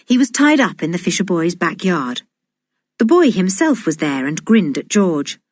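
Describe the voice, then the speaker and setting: A woman reads a children's storybook aloud with a breathy, slightly husky tone. Her pitch moves animatedly through each sentence. The sound is dry and close. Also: big pitch swings, moderate pace, no room sound. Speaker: audiobook narrator. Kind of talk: storybook narration.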